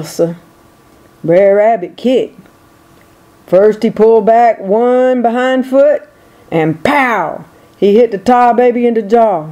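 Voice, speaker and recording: A woman's voice: fairly high pitch, warm tone. An older woman reading a folk tale aloud to her grandchildren, in a rhythmic folk-dialect telling.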